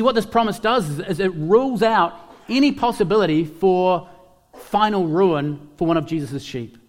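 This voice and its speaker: A pastor preaches a sermon in a high-pitched voice with a big-room sound. He is emphatic, repeating key phrases and putting questions to his listeners.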